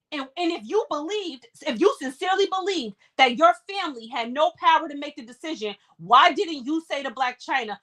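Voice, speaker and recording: A woman's voice: sits high, lively intonation, fairly quick, hardly any pauses, fairly bright tone. A woman giving impassioned live-stream commentary, firing off rhetorical questions one after another.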